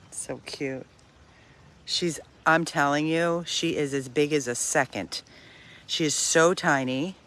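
A middle-aged woman talks about her rescue dogs at an unhurried, leisurely pace. She chats casually and often drifts off mid-sentence, filmed on a handheld phone in an outdoor backyard. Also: sits low, fairly bright tone, slight background noise. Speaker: dog rescue volunteer. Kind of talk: casual vlog chat.

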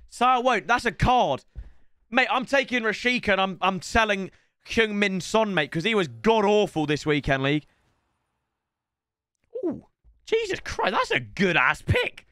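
Excitable high-voiced man streaming. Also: dry recording, clean studio sound. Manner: excitable, swearing, shouting at the game. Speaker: gaming streamer. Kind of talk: live gaming stream chat.

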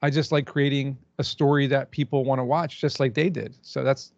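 A man's voice: medium pitch, little pitch movement, moderate pace, darkish tone, no room sound. Upbeat man on dull remote audio. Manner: upbeat, laughs easily, repeats words. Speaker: podcast guest, filmmaker. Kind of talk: casual podcast chat.

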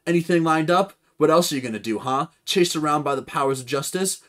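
A man voicing a brash, boisterous pirate captain in a loud, raised voice. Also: a little fast, close to an everyday voice. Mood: persuasive. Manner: loud, brash, high-pitched put-on voice.

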